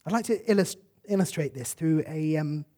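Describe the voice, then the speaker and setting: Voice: medium pitch, moderate pace, mellow. A preacher giving a sermon, telling a story in an earnest, emotive way and acting out the quotes.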